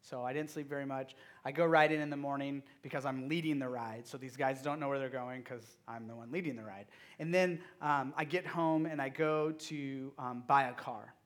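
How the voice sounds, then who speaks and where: A man preaching to a youth group as their pastor. He asks the audience direct questions and swings between loud emphasis and hushed, quiet moments. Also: mid-range voice, steady tone, moderate pace, hardly any pauses. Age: young adult or middle-aged father of a toddler. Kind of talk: sermon.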